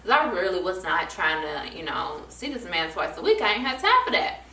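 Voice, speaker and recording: A woman's voice: lowish voice, normal speed, a little hiss or hum. A young woman vlogger telling a story in a casual chat, acting out the people she quotes. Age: young adult. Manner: animated, acts out quoted people in different voices. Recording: echoey room, voice from a distance.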